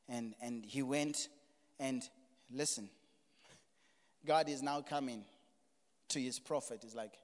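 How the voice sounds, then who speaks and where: A middle-aged man preaching a sermon as pastor, moving from quiet asides to loud exclamations. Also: mid-range voice, a little slow, pauses often. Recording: reverberant hall.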